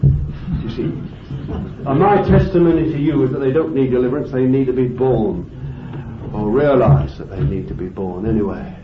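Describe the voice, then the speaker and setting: A man preaching a fervent sermon, swinging from loud exclamations to hushed asides. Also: mid-range voice, slight background noise. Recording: roomy, distant, dull lo-fi tape recording.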